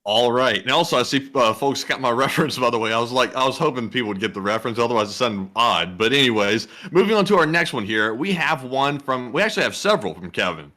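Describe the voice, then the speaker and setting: A man's voice: medium pitch, expressive, fast, few pauses, pushed and bright. A man co-hosting a live stream, reading viewer donations aloud in a casual way. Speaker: co-host reading viewer messages.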